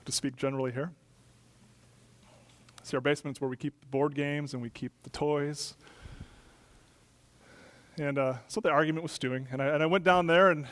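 Male pastor, middle-aged, slightly high voice, emphatic sermon delivery with loud peaks and soft drops.

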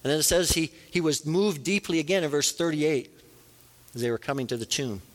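A man's voice: fairly high pitch, expressive, fairly quick. Earnest male pastor preaching in a hall. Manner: earnest, rising and falling for emphasis. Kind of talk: sermon. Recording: long reverb of a large hall.

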